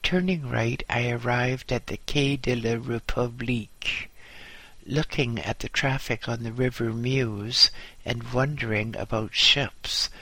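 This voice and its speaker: Slow, bright-voiced male memoir narrator. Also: medium pitch, fairly even intonation, no room sound, poor audio. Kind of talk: first-person memoir audiobook narration.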